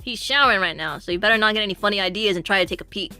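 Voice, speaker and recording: A woman's voice: medium pitch, racing, sharp tone, smooth, faint music behind, close to an everyday voice. A woman voicing a defensive teenage boy in a visual novel who speaks in a snippy, defensive way.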